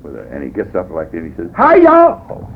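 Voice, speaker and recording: An extremely low, creaky, expressive male voice races very fast through a personal testimony at a recovery meeting. His telling is rambling and folksy, laced with wry humor. The meeting-room recording is tinny lo-fi tape with a faint hiss.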